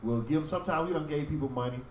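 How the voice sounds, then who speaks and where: A man teaching a religious group in sermon style, with animated storytelling that acts out street talk. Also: a little high, quick pace, echoey room, far from the mic, slight background noise, low-quality recording.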